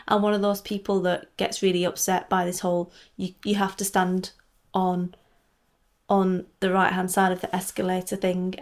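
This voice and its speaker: A woman's voice: medium pitch, vocal fry, a little mellow. A woman hosting a knitting podcast, chatting casually and rambling through announcements with humorous asides. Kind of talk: casual solo podcast chat.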